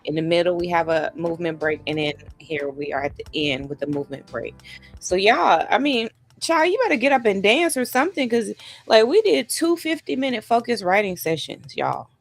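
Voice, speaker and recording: A woman's voice: mid-range voice, expressive, brisk, gravelly, faint music behind. A woman hosting a writing livestream, chatting casually and encouraging viewers, her voice shaking from a vibration plate. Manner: chatty, encouraging, uses y'all and sis. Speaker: livestream host of writing sessions.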